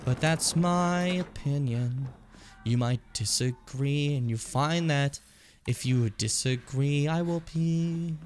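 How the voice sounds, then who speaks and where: A man's voice: fairly high pitch, slow pace, slight background noise. Rambling, chatty male game streamer. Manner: rambling, chatty, self-deprecating, swears freely. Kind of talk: casual live-stream commentary.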